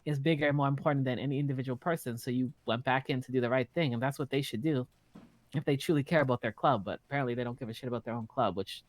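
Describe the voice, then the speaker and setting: A man's voice: medium pitch, very fast. Blunt, profane man telling stories. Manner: blunt, profane, animated storytelling. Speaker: roleplay streamer. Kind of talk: casual in-character chat.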